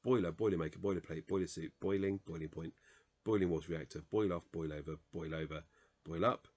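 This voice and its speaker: With a low, slightly mellow voice and a breathy edge, a man tiredly works through dictionary entries late at night for a solo reading vlog. He reads haltingly, stumbling on pronunciations and muttering self-corrections.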